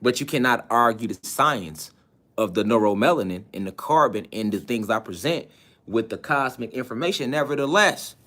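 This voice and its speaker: A man's voice: mid-range voice, animated, normal speed, a bit bright. A man giving a preachy spiritual lecture online, insistent and emphatic, who keeps firing rhetorical questions at his listeners.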